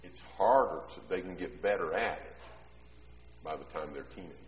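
A man's voice: low voice, lively intonation, moderate pace. Middle-aged man preaching in an echoey hall. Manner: conversational storytelling that swells into loud emphatic preaching. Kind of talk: sermon. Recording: echoey hall, dull sound.

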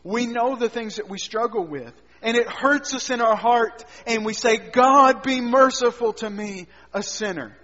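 A man preaching a sermon, swinging between loud emphatic lines and quiet low asides. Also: moderate pace, hardly any pauses. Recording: dull sound with long hall reverb.

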